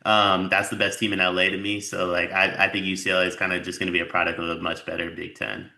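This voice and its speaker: Deep-voiced dude on a sports pod, really bright edgy sound, rambly with lots of likes and ums. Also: male voice, completely flat delivery, fast, vocal fry. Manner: loose and rambling, full of filler words and restarts. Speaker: podcast co-host. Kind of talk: casual sports chat.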